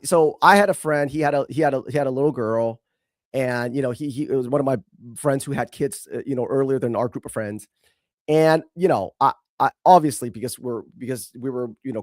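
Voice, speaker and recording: A man's voice: medium pitch, a little mellow, dry recording, clean studio sound. Blunt, emphatic male show host. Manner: blunt, emphatic, swears freely. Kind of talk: opinionated commentary show.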